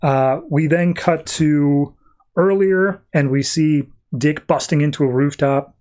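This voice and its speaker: A man's voice: a little high, slow pace, a little mellow. A man hosting a podcast, casually recapping a comic book plot in a loose, conversational way. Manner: loose, conversational retelling with frequent "uh" and "he's like". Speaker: podcast host.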